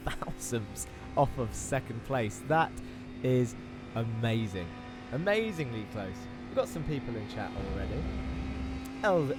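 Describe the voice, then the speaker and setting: A man commentating a sim racing broadcast in a chatty, enthusiastic way, talking viewers through the track turn by turn. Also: medium pitch. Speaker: race commentator.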